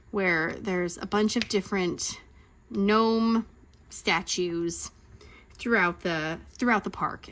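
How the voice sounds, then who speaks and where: Chatty, animated woman telling a rambling story. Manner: rambling and animated, acting out quotes with big pitch jumps. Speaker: crafting channel host. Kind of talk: chatty storytelling rant while crafting.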